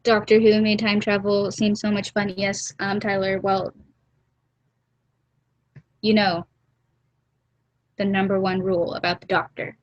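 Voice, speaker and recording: A woman's voice: mid-range voice, flat delivery, measured pace, long pauses, dry recording, lo-fi sound. Young woman host, loose rambling livestream chat, giggly asides, mumbled trail-offs, laptop mic. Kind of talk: casual chat while drawing. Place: warm room at home.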